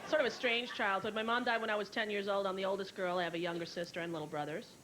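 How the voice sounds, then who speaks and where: This noisy VHS tape captures a woman in her thirties doing a stand-up routine for a live audience, brashly sharing family stories and playing her relatives. Her medium-pitched delivery is fast and fairly even in intonation, and loud audience laughter runs underneath.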